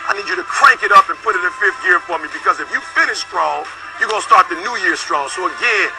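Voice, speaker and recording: Fiery high-voiced male motivational speaker. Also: expressive, fast, gravelly, over music, poor audio. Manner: fiery, preacher-like, repeats "baby" and "boom". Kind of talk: motivational pep talk.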